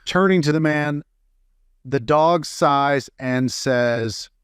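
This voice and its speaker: A man's voice: on the high side, slow, clean tone, no echo, studio quality. A man reading a string of jokes aloud in a casual storytelling way, with small slips and fillers. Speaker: joke reader.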